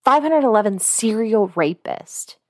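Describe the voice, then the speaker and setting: A woman co-hosting a podcast in casual chat, chatty and quick with asides as she reads names and notes aloud. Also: a little high, animated, slight background noise. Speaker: podcast co-host.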